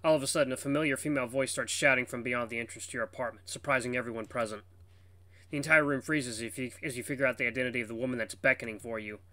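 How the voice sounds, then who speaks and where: A man reading a visual novel's second-person narration with brisk, lively storytelling. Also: medium pitch, dry recording.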